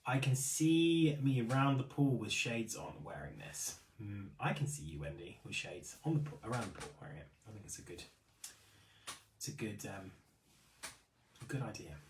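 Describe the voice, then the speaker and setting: A chatty man hosting a live stream, his pitch swinging up and down as he reads out viewer comments. He sounds set back from the mic in a roomy, echoing space. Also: moderate pace, distant mic, a little hiss or hum. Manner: chatty, apologetic and animated. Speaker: livestream host for a beauty retailer.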